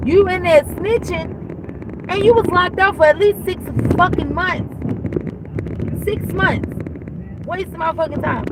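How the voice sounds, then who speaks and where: A woman's voice: very high voice, unhurried, pauses often. A woman telling a heated, profane storytime rant while in her car, repeating herself. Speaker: vlogger. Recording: car noise behind voice.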